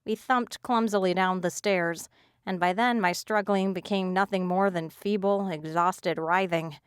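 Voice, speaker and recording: A woman reads a fantasy novel aloud in a measured, even way. Her voice is smooth and clear, recorded dry and close with no room around it. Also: lowish voice, no echo. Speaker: audiobook narrator. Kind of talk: scripted narration.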